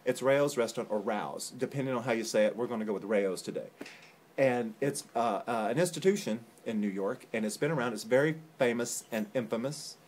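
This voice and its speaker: A man's voice: mid-range voice, a little fast, a little mellow. A man chatting casually as co-host of a home vlog, recorded on a phone indoors. He rambles through his story with dry jokes in a mid-range voice, and a faint noise sits under the recording. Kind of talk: casual chat. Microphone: phone camera.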